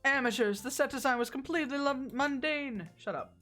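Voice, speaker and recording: A woman's voice: high-pitched, a little fast, a bit bright, faint music behind. Chatty woman streaming a farming game. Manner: chatty, joking, reads game text aloud. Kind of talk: casual live-stream gameplay chat.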